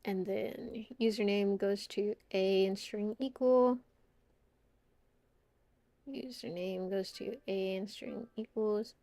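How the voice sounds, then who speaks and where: A woman's voice: medium pitch, fairly even intonation, slow pace, dark tone, no room sound. A young woman chatting casually on a live stream, rambling and giggling, muttering to herself while she works.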